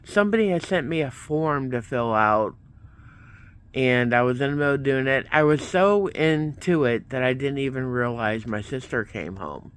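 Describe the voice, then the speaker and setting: A man's voice: mid-range voice, expressive, normal speed, a bit bright, smooth. A man vlogging casually, rambling through a story and acting out both sides of the conversations. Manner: rambling, retells events with quoted back-and-forth.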